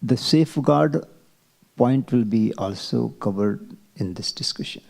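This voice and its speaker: Guy teaching chanting class, slow careful explaining, kinda gravelly voice. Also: medium pitch, darkish tone. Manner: slow, deliberate explaining with rhetorical questions. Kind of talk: classroom lecture.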